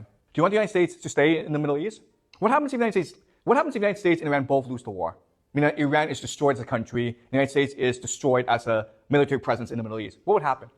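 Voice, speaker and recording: A male professor from China lecturing a class, firing questions at the students and checking "okay?" after nearly every point, often repeating words as he pushes on. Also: a little high. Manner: quizzes the class with rapid questions, tags "okay?" constantly.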